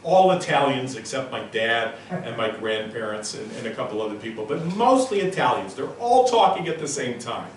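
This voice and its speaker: A man in his sixties giving a live motivational lecture to an audience in a room, telling stories in an animated, punchy and emphatic way. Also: mid-range voice, moderate pace, few pauses, a little hiss or hum. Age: 60s. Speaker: motivational speaker. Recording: very echoey room, voice from a distant mic.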